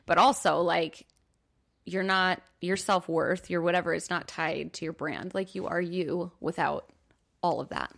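Woman, lower voice, thinking out loud in a relaxed chat, reframing ideas. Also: a little slow, vocal fry. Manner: thoughtful, reflective, rephrasing ideas. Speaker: podcast co-host. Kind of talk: casual chat.

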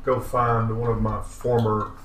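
A relaxed, plain-spoken man taking part in a tabletop game, speaking at an ordinary pitch. His voice echoes around the room, with music clearly heard behind him. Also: unhurried. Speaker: player. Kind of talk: casual chat at a tabletop game.

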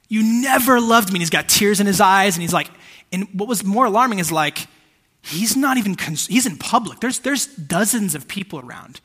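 A man's voice: a little high, a bit bright, slightly rough. A man in his thirties preaching a sermon in a casual, conversational way, with fillers and asides to the congregation. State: emotional, holding back tears. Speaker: pastor.

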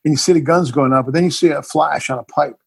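Middle-aged guy, slightly high husky voice, acts out scenes while he tells the story. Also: quick pace. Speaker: filmmaker guest. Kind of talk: casual interview chat.

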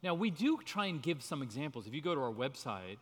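A man's voice: mid-range voice, big pitch swings, quick pace, a bit bright. A man leading a church parenting workshop, speaking in an earnest teaching manner, often breaking into laughs. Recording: reverberant hall.

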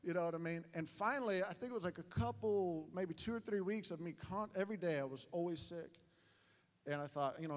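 A pastor telling funny personal stories during a sermon, animated and self-mocking. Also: male voice, high voice, a little fast. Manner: animated, self-mocking storyteller with many voice changes. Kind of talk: sermon storytelling. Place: church sanctuary. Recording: echoey hall with long reverb.

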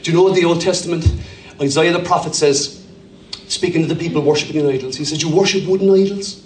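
A middle-aged man from Ireland with a Cork accent, preaching a sermon with humorous stories and animated impressions. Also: on the high side, fast talker, echoey room, recorded from a distance, soft background music. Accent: Cork Irish. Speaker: pastor.

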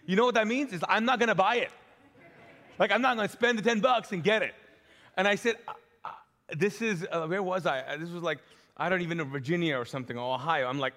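Casual lively pastor, man, slightly high voice, big echoing sanctuary. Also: fast. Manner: animated, conversational, acts out dialogue with self-deprecating humor. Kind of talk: live sermon with storytelling. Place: large church auditorium. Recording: long hall reverb.

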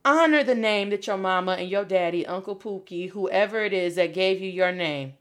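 A young adult woman hosting a casual spoken language lesson, animated and playful, scolding with mock outrage. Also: medium pitch, moderate pace. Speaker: Spanish teacher and podcast host.

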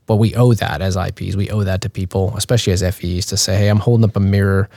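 A man who leads instructor pilots, giving direct, brisk advice in a roundtable talk. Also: low-pitched, steady tone, gravelly, a little mellow, no room sound, clean studio sound.

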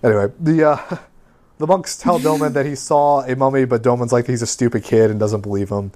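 Regular guy podcasting, summing up an episode, lotta uhs and ums, mid pitch. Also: steady tone, fairly quick, warm tone. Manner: rambling, filler-heavy summarizing. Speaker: podcast co-host recapping an anime. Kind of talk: casual recap chat.

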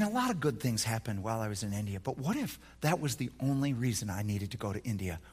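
Husky, bright-voiced pastor preaching. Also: male voice, mid-range voice, long reverb tail. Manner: passionate, swinging from hushed to shouting. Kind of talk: sermon.

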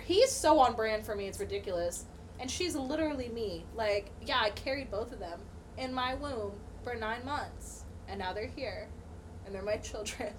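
A woman's voice: sits high, a little fast, a little hiss or hum. A young woman co-hosting a podcast, chatting casually, giggling, teasing and swearing freely. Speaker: podcast co-host. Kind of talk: casual chat.

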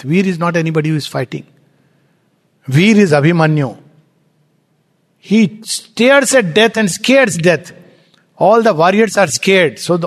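High-voiced Indian man lecturing in a reverberant hall. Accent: Indian English. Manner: animated, explanatory, with rhetorical questions. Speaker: spiritual teacher. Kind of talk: spiritual lecture.

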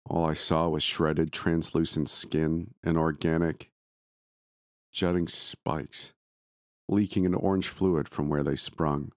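A man reading a scripted horror story aloud in a grim, deliberate manner. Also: rumbling low, flat delivery, no echo, clean studio sound.

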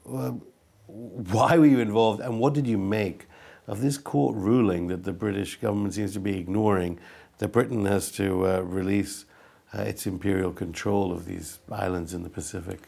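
A man's voice: on the low side, normal speed, gravelly, mellow, husky. A man hosting an interview, asking the guest pointed, probing questions. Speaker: interview host.

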